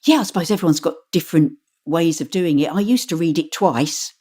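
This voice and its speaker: A woman audiobook narrator talks in an easy, conversational interview manner, animated and quick to laugh. Her voice sits low. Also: slightly rough. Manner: chatty and animated, laughs often, demonstrates voices. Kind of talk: casual interview chat.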